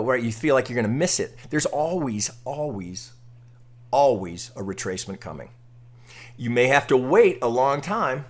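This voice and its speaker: A man teaching chart trading in a casual, blunt way, asking rhetorical questions and cursing now and then. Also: mid-range voice. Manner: casual, rhetorical, peppers talk with "right?" and mild cursing. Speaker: trading educator. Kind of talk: screen-recorded chart walkthrough.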